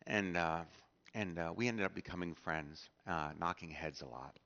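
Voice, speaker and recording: A man's voice: low-pitched, moderate pace, sharp tone, muffled recording. A middle-aged man preaching a sermon in a church, telling stories with lots of fillers and restarts and acting out what people said. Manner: storytelling, acts out quoted speech with many fillers and restarts. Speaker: pastor. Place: church sanctuary.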